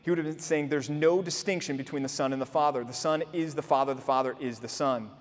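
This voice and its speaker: A man's voice: medium pitch, fairly even intonation, fast talker. A man preaching a sermon as pastor, explaining earnestly and posing rhetorical questions to his listeners. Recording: long hall reverb.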